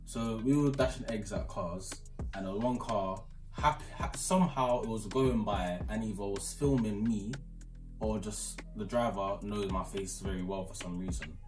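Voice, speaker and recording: Young british guy telling a story at home, low voice, echoey room. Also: normal speed, distant mic. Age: young adult. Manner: rambling and animated, retelling the story with quotes. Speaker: channel host. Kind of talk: casual storytelling chat. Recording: roomy, off-mic, faint music behind.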